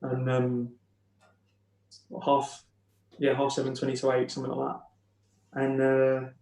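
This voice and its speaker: A young man, a podcast guest, tells a deeply personal story in a quiet, flat, creaky voice. His emotional retelling is halting, with frequent stumbles and restarts, and the room sounds noticeably echoey.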